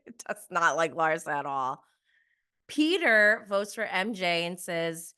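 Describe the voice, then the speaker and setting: A woman's voice: fairly low pitch, animated, takes it slowly, long pauses, sharp tone, clean tone. A young adult woman giving a casual, gossipy recap of a reality show, laughing often and acting out contestants' lines.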